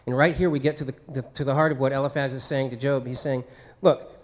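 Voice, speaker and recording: A man's voice: medium pitch, fairly even intonation, fast. A man preaching a sermon in a conversational way, acting out quoted speech. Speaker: pastor.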